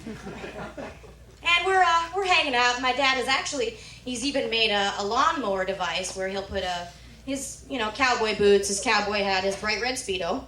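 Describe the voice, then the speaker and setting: A young woman from Nebraska doing a stand-up routine, telling animated stories and jumping high when she quotes people. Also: moderate pace, background noise. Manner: animated storytelling, squeals quoted lines high. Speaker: stand-up comedian. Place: comedy club stage. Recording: echoey room, mic from far off.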